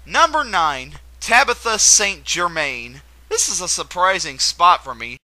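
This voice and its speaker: A man's voice: high-pitched, very animated, measured pace, bright, forceful tone, dry recording, low-quality recording. A young man hosting a countdown commentary video, talking enthusiastically with playful asides. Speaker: video host.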